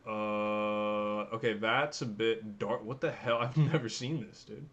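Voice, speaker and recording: A man's voice: lowish voice, fairly even intonation, measured pace, fairly bright tone, lo-fi sound. A young man giving casual, offhand commentary, thinking aloud and swearing as he browses. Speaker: vlogger.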